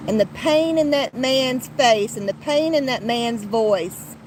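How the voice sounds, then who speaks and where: Slow, blunt woman podcaster. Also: fairly high pitch, background noise. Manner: blunt and heated, with frequent restarts and profanity. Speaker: podcast host. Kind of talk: casual commentary podcast.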